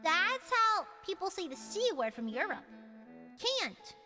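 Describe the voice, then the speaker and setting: A woman with a very high, bright voice hosts a casual livestream and reacts to chat with dramatic mock outrage and teasing insults. Her pitch swoops widely, even though she talks at an unhurried pace. She sits at a desk mic, with a long reverb on her voice and music playing behind her. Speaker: streamer host reading chat.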